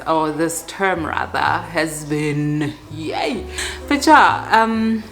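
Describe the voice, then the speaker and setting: A woman, chatting to camera as a vlogger and mother in her kitchen, animated and laughing as she talks. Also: medium pitch. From South Africa. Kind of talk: casual chat to camera. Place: home kitchen.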